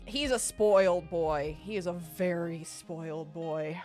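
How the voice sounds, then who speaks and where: Young female streamer, lively casual chat, swears a lot, soft music bed. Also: fairly low pitch, slow pace. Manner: animated storytelling, swears freely.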